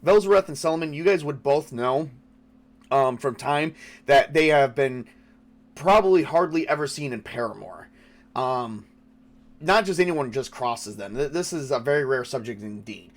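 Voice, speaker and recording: A man's voice: mid-range voice, expressive, moderate pace. A man running a tabletop game as game master, thinking aloud with many fillers and restarts.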